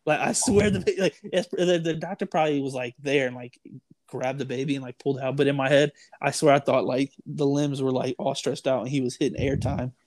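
A man's voice: medium pitch, steady tone, fairly quick, dry recording. A young man telling a story in casual chat, rambling with lots of "like", "dude" and "bro". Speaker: storyteller guest.

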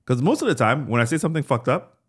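A man on a podcast chatting casually, thinking out loud with many fillers and restarts. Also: medium pitch, very animated, husky. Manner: fast, loose, reflective talk with many fillers. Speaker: podcast co-host. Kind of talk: casual chat.

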